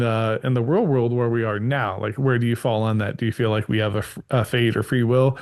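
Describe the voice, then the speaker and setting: A man's voice: medium pitch, darkish tone. A man hosting a casual podcast conversation about writing, rambling with many restarts and acting out quoted voices. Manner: acts out quoted voices animatedly. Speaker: podcast host. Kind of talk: casual chat.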